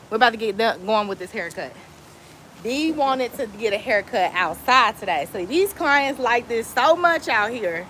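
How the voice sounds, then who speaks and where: A woman barber with a high, bouncy, sing-song voice, joking casually with viewers as she works. She talks into a phone out on a deck, and the recording picks up steady outdoor wind noise. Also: moderate pace. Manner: chatty and playful, joking with viewers and her dog. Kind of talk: casual live-stream chat while cutting hair.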